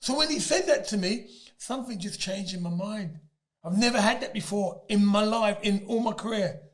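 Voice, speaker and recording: Brief: man in his fifties, a high, lively storyteller who laughs often. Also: moderate pace. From Britain. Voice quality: laughs often mid-story, loud emphatic bursts. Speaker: guest. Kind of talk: animated storytelling.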